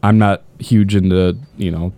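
A man's voice: low voice, fairly even intonation, unhurried, dark tone, no room sound. A man co-hosting a casual movie podcast, joking around and laughing often. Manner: jokey, laughs often, playful impressions. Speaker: podcast co-host.

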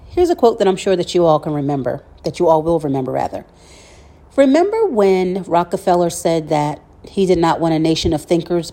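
Woman, podcast host, solo talk, mellow tone, wry sarcastic asides. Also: lowish voice.

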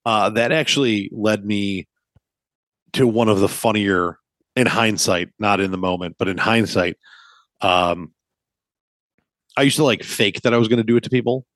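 Low-voiced man telling profane stories. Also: normal speed, pauses often, no room sound. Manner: profane, animated storytelling. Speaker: podcast co-host. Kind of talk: casual podcast chat.

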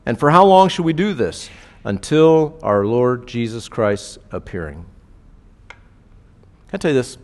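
A male pastor preaching a sermon, moving between hushed reflection and rising fervent exhortation. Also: medium pitch, animated, measured pace, long pauses. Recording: long hall reverb.

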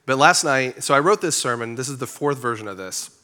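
A man, a church elder and pastor, preaching a sermon from a church stage in a relaxed, joking, conversational way with lots of filler words. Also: mid-range voice, a little fast.

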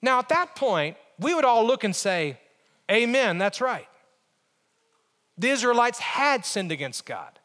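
Pastor, middle-aged man, fairly high voice, emphatic sermon delivery, long church reverb. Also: sing-song, a bit bright. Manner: earnest, emphatic preaching with pauses and repeated phrases.

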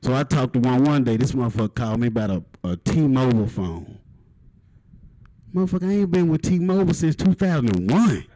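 A man in his thirties works an open mic stage, talking straight into a handheld mic. His delivery is crude and conversational, and it swings between easy storytelling and sudden loud, punchy bursts. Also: medium pitch, lively intonation, a little fast, a little hiss or hum, low-quality recording. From Mississippi, USA. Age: 30s. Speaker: stand-up comedian. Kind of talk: stand-up comedy set.

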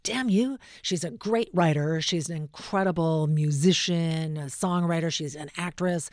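Middle-aged female broadcaster, lowish voice, lively storyteller, dry close mic. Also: unhurried, no room sound. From Western Canada. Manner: animated, acts out quotes with shifting voices. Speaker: radio host, interview guest. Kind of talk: storytelling in a casual interview.

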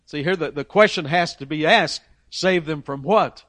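A man's voice: fairly high pitch, moderate pace, a bit bright, no echo. A man preaching a sermon, emphatic, reading scripture aloud and briefly acting out the voices of people in the story. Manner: emphatic, voices characters in Bible stories.

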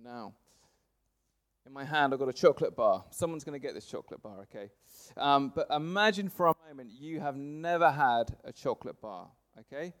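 A man, preaching a sermon to a congregation, punching words loudly then letting phrase ends fall soft. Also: mid-range voice, normal speed. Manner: lively, swings from loud emphasis to soft trailing phrase ends. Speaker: pastor. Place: church service before a congregation.

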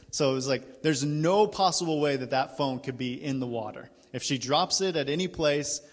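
A man in his thirties, a guest speaker preaching a sermon through a candid, self-deprecating personal story. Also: medium pitch. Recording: reverberant hall.

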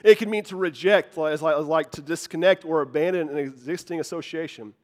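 Pastor, male, earnest conversational sermon, slightly higher voice. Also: brisk, darkish tone. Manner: earnest, conversational preaching with frequent restarts.

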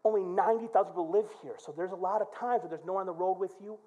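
A male pastor from Michigan preaching in church, telling a story with lively acted-out quotes and shouts. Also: high-pitched, rapid-fire, breathy edge, lo-fi sound. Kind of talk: sermon.

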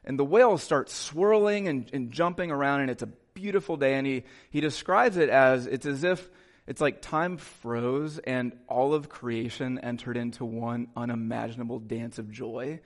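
A male pastor preaching a sermon in a conversational way, with quick asides to the congregation in a church. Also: medium pitch. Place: church sanctuary.

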